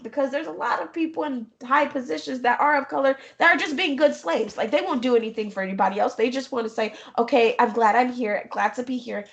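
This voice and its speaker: A young adult woman, a gaming streamer, talking casually and expressively in an interview, often laughing and lively. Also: on the high side. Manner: animated and expressive, jumps into quoted voices, laughs often.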